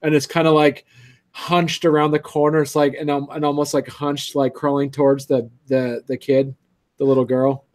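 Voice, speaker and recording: A man's voice: fairly high pitch, little pitch movement, moderate pace, a little mellow. A man narrating a tabletop game as game master, hesitant, with many ums and restarts.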